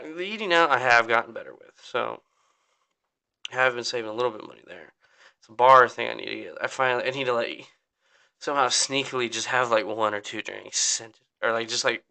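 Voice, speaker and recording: Young man, podcast host, casual rant, rambling, swears a lot, bright tense voice, smooth crisp tone. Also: mid-range voice, brisk. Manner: downbeat, venting.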